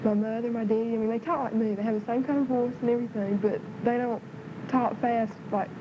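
A woman from the Southern US with a Southern accent, chatty and fast-talking, casually telling a joke. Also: a little high, steady tone. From Southern United States. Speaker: storyteller. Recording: muffled, loud vehicle noise.

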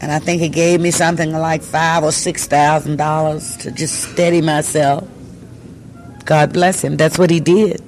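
Speaking at a moderate pace in a low register, an older singer recounts her story during a casual interview over faint background music. She's a lively storyteller who takes on the voices of anyone she quotes.

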